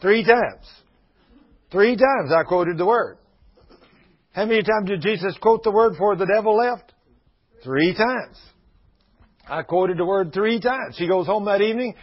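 An older man preaches in a high, husky voice. He tells his stories in a folksy way and acts out the people in them. The sound is dull and lo-fi, like an old radio broadcast. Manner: folksy storytelling with quoted voices. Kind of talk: sermon.

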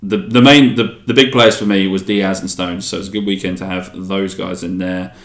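Deep-voiced man in an echoey room. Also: steady tone, moderate pace. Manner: chatty, swears casually, rambling restarts. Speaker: podcast host. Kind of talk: casual podcast chat.

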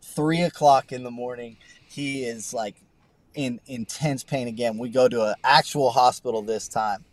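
A man's voice: medium pitch, fairly even intonation, normal speed, dry recording. A man, a guest pastor, telling a personal faith story in an earnest, conversational way with frequent restarts. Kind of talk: conversational testimony on a podcast.

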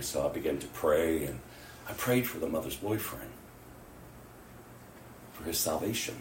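A man preaching a sermon to his church, rising to loud exclamations and dropping to hushed near-whispers, laughing often. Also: extremely low pitch, animated, normal speed, long pauses, slight background noise. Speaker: pastor. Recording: roomy, from far off the mic. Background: congregation responses.

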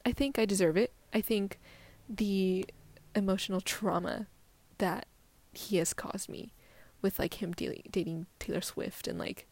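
Gravelly young woman rambling on her podcast. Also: mid-range voice, steady tone, a little slow, a little mellow. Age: young adult. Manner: rambling, heavy swearing, lots of "like" fillers; drops into near-whispers often. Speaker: podcast host. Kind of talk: casual solo podcast chat.

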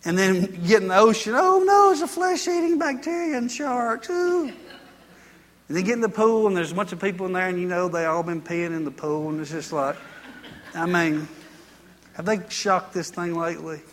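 A man's voice: sits high, fairly even intonation, normal speed, fairly bright tone, long reverb tail. A male pastor preaching a sermon in a folksy, chatty storytelling way, full of asides.

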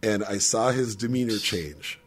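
A man telling a story in casual podcast chat, animated and profane, laughing often. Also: fairly low pitch, measured pace, slightly rough.

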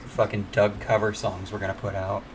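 A man's voice: fairly low pitch, level tone, brisk, heavy background noise. A man on a podcast video call, sarcastic and swearing often. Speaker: podcast guest. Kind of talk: casual chat over video call.

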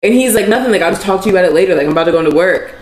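A woman's voice: on the low side, animated, racing, darkish tone. A woman co-hosting a podcast, telling a story animatedly, full of "like" fillers. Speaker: podcast co-host. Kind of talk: casual chat. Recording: echoey room with background hiss.

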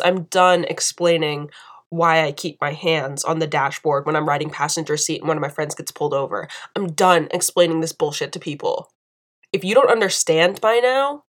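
A young woman speaks to camera in an indignant, emphatic way, hammering her points home by repeating them. Her voice sits on the low side for a woman. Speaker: video commentator. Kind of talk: impassioned commentary.

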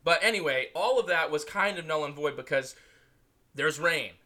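A man's voice: on the high side, normal speed, pushed and bright. A young American man co-hosting a podcast, telling a rambling, profane story in casual sports chat. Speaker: podcast co-host.

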